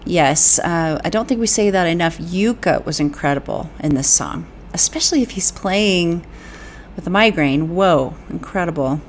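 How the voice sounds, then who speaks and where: A woman vocal coach reacting live to a performance, reading viewers' comments aloud and breaking into gushing exclamations of awe. Her voice sits fairly low for a woman. A faint hiss runs under the recording. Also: animated, moderate pace. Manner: enthusiastic, breathy exclamations of awe.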